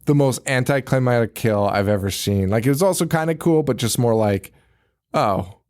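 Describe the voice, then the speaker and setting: A podcast host casually retells a film in a mid-range, somewhat mellow voice, talking a little fast. He laughs often, swears and acts out lines along the way.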